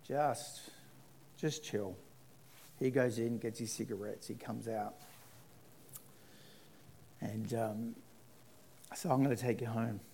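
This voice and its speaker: Animated Australian man telling a story. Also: mid-range voice, unhurried, gravelly, long pauses, a little hiss or hum. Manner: animated storyteller, voice rising and dropping. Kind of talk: storytelling testimony.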